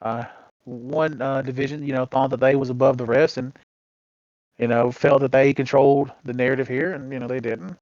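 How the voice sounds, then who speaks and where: A man's voice: mid-range voice, steady tone, moderate pace, a little mellow, no echo, lo-fi sound. A man being interviewed as a gaming community leader, telling long anecdotes in a casual, rambling way full of fillers and restarts.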